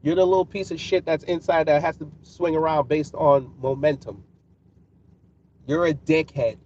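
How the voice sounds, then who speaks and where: A man's voice: fairly high pitch, normal speed. Taunting New man, distant lo-fi. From New York City. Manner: taunting, mocking, calmly menacing. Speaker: livestream host answering chat. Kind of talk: casual live-stream roasting. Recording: distant, dull lo-fi mic with clear background noise.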